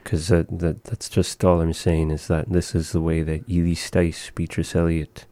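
A man with a very low, mellow voice walks a learner through new words. He speaks slowly and patiently, modeling each word with care. The sound is dry and close. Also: level tone, dry recording. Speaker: language teacher. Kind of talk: conversational language lesson.

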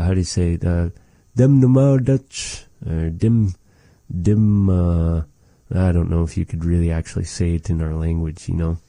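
Man, very low dark voice, unhurried patient teacher repeating words, dry close mic. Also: dry recording. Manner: slow, patient, repeats each word, folksy asides. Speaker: language teacher. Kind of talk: slow vocabulary lesson with repeated words.

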